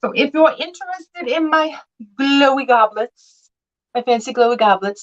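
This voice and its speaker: A woman's voice: high-pitched, expressive, moderate pace, dull audio. A woman selling vintage glass on a live sale, chatting and telling stories with playful voiced quotes.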